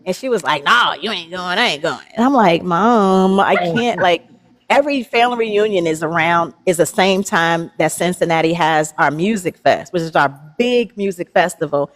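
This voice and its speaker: Woman host, lowish voice, laughs a lot, encouraging. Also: animated, normal speed. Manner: warm, affirming, laughs often, Southern Black American vernacular. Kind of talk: casual heartfelt chat.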